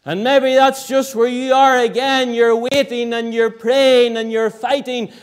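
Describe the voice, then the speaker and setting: Man, sermon, passionate then hushed delivery, long church-hall reverb, smooth resonant voice. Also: level tone, unhurried. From Northern Ireland. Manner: impassioned, swinging from loud cries to hushed low lines. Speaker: preacher.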